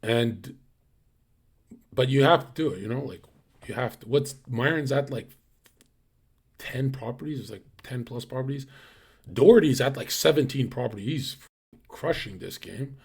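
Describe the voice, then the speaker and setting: A man's voice: mid-range voice, moderate pace, vocal fry, long pauses, darkish tone, slightly rough. A man streaming live, ranting casually to his chat, blunt and profane, with lots of fillers and restarts.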